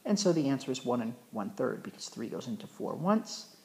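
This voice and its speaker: A math teacher with a very deep, gravelly yet mellow voice explains fractions in a recorded lesson, talking a little fast with big swings in pitch. She's chatty and encouraging, often correcting herself mid-sentence.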